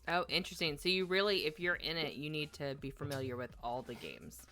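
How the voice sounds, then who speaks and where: A woman's voice: low-pitched, fairly quick, pushed and bright, soft background music. A woman hosting a stream, chatting in a friendly, curious way and laughing often. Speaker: stream host. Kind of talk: casual chat.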